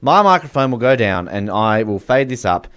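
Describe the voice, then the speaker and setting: A man hosting a radio comedy game, teasing and animated, tripping over his words now and then. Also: medium pitch, moderate pace, clean tone. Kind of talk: playful studio banter, judging a game.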